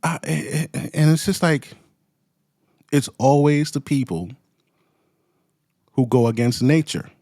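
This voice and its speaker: A man's voice: a little high, slow pace, pauses often, warm tone, dry recording, clean studio sound. A man giving a heated, profane commentary rant full of slang, as the show's host. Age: adult with children. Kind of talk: ranting commentary.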